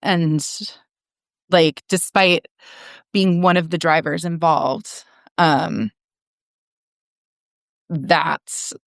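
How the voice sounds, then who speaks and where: A woman's voice: low voice, very slow, vocal fry, pauses often, no echo, clean studio sound. A woman in her forties, a podcast guest telling her own story frankly, with frequent laughs and casual swearing. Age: 40s. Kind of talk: candid personal storytelling.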